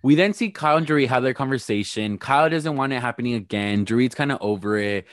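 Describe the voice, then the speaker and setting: A man's voice: medium pitch, fast, no room sound, clean studio sound. A man co-hosting a casual podcast, recapping a reality show with blunt, gossipy commentary. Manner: gossipy, blunt, playfully shady. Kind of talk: casual chat.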